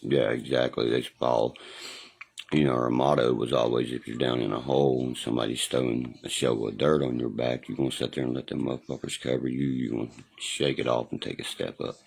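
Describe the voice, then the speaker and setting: A man's voice: a bass voice, steady tone, brisk, creaky, a little mellow, breathy edge, rough recording. A middle-aged man talking on a home livestream into a phone, rambling and profane, forever asking whether you know what he means. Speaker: livestream host.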